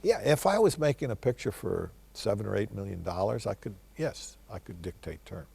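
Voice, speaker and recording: A man's voice: fairly low pitch, expressive, normal speed, creaky, warm tone, slightly rough. An older man, a film director, telling wry, reflective stories in answer to interview questions.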